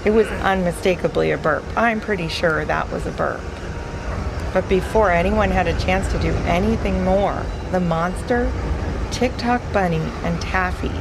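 A woman with a lowish, gravelly voice narrates a children's fantasy adventure. She tells it slowly and playfully, with music running underneath. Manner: playful, unhurried storytelling. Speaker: storyteller.

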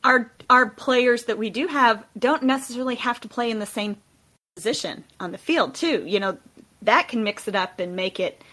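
Bubbly woman with a bright voice. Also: on the high side, moderate pace. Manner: bubbly, lots of fillers and laughs. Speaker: guest. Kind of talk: casual chat.

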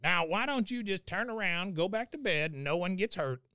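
Man doing a crotchety cartoon grandpa, high strained squeak, clean dry take. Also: animated, normal speed, pushed and bright, clear, resonant tone, no echo. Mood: threatening. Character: cranky old male cartoon grandfather.

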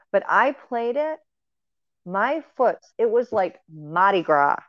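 Woman guest, lowish voice, earnest rambling storyteller, lo-fi dry recording. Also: dry recording. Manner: earnest, rambling with fillers and restarts. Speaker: guest sharing paranormal experiences. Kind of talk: casual conversational storytelling. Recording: dry, dull lo-fi audio.

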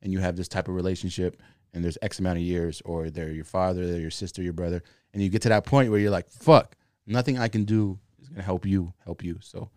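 A man in his thirties, a podcast co-host, talking in an animated, jokey way and swearing freely in casual chat. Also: low voice, fast, no echo, clean studio sound. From Puerto Rican.

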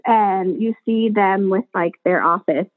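A woman's voice: mid-range voice, measured pace, dry recording. A woman midwife chatting as an interview guest, telling birth stories with lots of fillers and acting out what people said. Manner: animated, acts out quoted voices, many fillers. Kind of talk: casual interview storytelling. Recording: dry, tinny phone-like sound.

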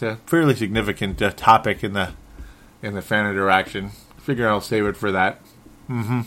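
A man's voice: on the low side, brisk, sharp tone. A man hosting a solo sports talk show, sounding frustrated and rambling, often stumbling and correcting himself. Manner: restarts and self-corrections. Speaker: sports podcast host.

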